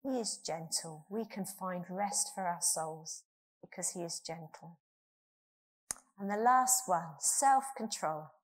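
A woman's voice: lowish voice, takes it slowly. A middle-aged woman preaching a sermon to her church, earnest and asking the congregation questions.

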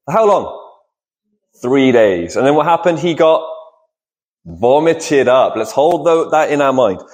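A man's voice: fairly high pitch, lively intonation, moderate pace, darkish tone. A man preaching a sermon in a church, talking with the congregation, asking questions and answering them himself.

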